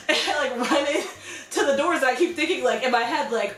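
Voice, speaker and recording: Young American woman, chatty storytime vlogger, rambling delivery, higher pitch, echoey room. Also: fairly quick. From United States. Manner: animated, rambling, heavy use of "like". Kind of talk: casual storytime vlog. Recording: roomy echo with faint music.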